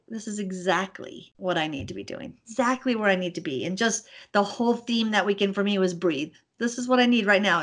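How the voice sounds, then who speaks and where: Middle-aged woman, podcast guest, animated storyteller, laughs easily. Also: mid-range voice. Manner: animated storyteller, laughs often, acts out her own thoughts. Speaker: podcast guest, business owner. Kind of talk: casual interview.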